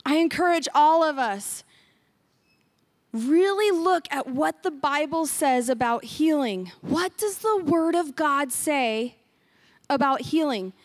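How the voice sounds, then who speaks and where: A woman pastor delivers an earnest sermon in a church. Her voice sits high, and she leans on repeated phrases to drive each point home. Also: animated, takes it slowly, dry recording, clean studio sound. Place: church sanctuary.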